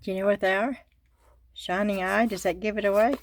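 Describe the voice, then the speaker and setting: A woman's voice: medium pitch, steady tone, fairly quick. An older woman with a Southern US accent, hosting a casual craft unboxing and chatting to her viewers with frequent giggles. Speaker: craft channel host.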